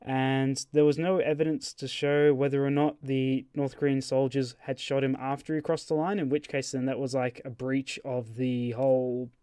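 A man's voice: mid-range voice, flat delivery, normal speed, few pauses, dark tone, smooth, no echo, studio quality. A man hosting a casual podcast chat, rambling and joking as he restarts his sentences. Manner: rambling, jokey, trails off and restarts. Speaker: podcast host.

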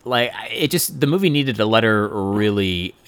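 A man in a casual film review chat, talking haltingly with lots of fillers and restarts. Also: fairly low pitch, animated, a bit bright, clean tone, no room sound. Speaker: podcast co-host.

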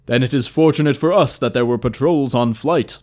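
A man's voice: mid-range voice, fairly quick, darkish tone, lightly acted. Man doing a solemn elf scout. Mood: solemn, urgent. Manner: earnest and formal.

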